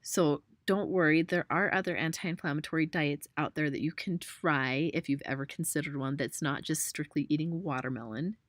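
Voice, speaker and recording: A woman in her thirties with a low voice presents a webinar as a personal trainer. She is chatty and personal, calls her viewers "you guys" and laughs easily. The sound is close and dry. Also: normal speed, hardly any pauses, no echo.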